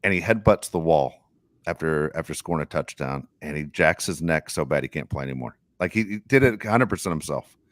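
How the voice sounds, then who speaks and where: A middle-aged man co-hosting a sports podcast, telling animated stories and acting out quotes. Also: a bass voice, brisk, no echo, clean studio sound. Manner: animated storyteller, acts out quotes. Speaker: podcast co-host. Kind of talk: casual sports chat.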